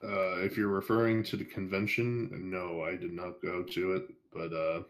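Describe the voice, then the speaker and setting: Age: adult. Sex: man. Pitch: very deep. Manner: rambling, profane, joking. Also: level tone, normal speed. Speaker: podcast guest, fan fiction writer. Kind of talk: casual interview chat.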